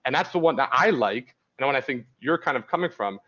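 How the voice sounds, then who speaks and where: A man's voice: mid-range voice, animated, quick pace, sharp tone, lo-fi sound. A man, a dating coach, talking candidly as a podcast guest and rambling through stories with many restarts. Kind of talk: casual podcast interview.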